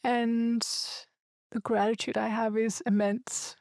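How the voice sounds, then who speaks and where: A woman's voice: medium pitch, steady tone, normal speed, dry recording, clean studio sound. A woman hosting a solo podcast, talking in an earnest, emphatic, reflective way. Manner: earnest, emphatic and spiritual, with a few loose swears. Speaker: podcast host.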